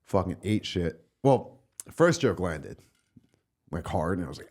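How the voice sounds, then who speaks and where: A young man from Long Island talks with a very low, deep voice. He rambles in a laid-back way as a comedian guest on a podcast, scattering fillers and swear words. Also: very animated, measured pace, darkish tone, slightly rough. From Long Island, New York. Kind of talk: casual podcast chat.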